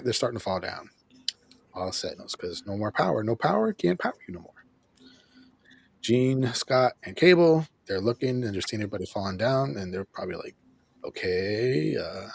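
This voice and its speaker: A man hosting a show, casually recapping an episode in an animated way, acting out lines and laughing often. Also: medium pitch, gravelly, breathy edge, dry recording. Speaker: host of a show reviewing an episode.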